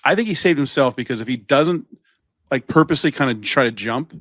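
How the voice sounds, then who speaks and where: A man's voice: medium pitch, animated, fairly quick, a bit bright, no echo. A man co-hosting a podcast, giving sports takes in casual chat with lots of false starts. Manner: chatty, breaks off and restarts a lot. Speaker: podcast co-host.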